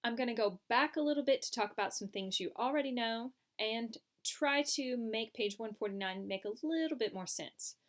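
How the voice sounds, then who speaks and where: A woman's voice: a little high, moderate pace, hardly any pauses. Patient teacher woman. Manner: patient, explains step by step. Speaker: French teacher. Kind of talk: recorded classroom lesson.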